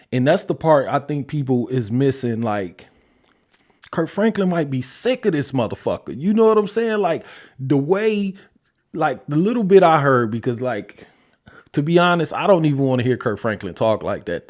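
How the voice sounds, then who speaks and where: An older man riffing on a podcast mic, blunt and profane, his pitch jumping high and dropping low as he makes his points. He sits at a middling pitch for a man, talking in loose, unscripted commentary. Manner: blunt, heavy cursing, animated swings in pitch. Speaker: podcast host. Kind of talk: casual commentary.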